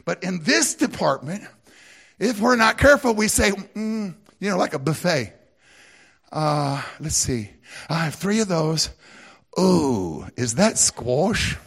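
Animated Southern preacher with a twang. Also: male voice, high voice, measured pace, creaky, breathy edge. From American South. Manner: animated, laughing, swings from shouting to hushed. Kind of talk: sermon.

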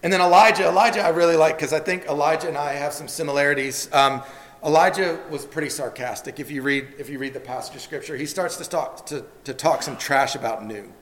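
An earnest male pastor preaching to his congregation, often doubling words as he begins a thought. His voice sits high for a man. The sound carries a long church-hall reverb. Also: fast talker, fairly bright tone. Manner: earnest, repeats words when starting phrases. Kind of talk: sermon. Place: church sanctuary.

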